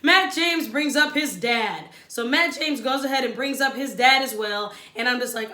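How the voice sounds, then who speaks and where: A woman's voice: on the high side, normal speed, hardly any pauses, sharp tone, reverberant. A woman giving a casual, opinionated recap of a reality show, chatty and sassy as she talks straight to her viewers.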